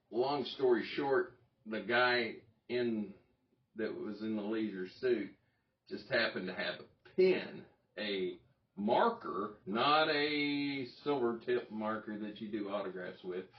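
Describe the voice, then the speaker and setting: A man's voice: fairly low pitch, muffled recording. A man who buys and trades guitars, telling a long anecdote in a casual, rambling way, correcting himself as he goes. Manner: rambling, self-correcting, chuckles as he tells it. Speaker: guitar dealer vlogger. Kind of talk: casual storytelling to camera. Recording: roomy, distant from the mic.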